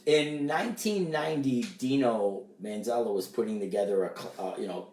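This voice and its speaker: Casting: male musician-producer, lively storyteller, echoey room, mic a bit distant. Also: normal speed. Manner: animated, acts out quoted voices higher. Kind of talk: casual storytelling chat.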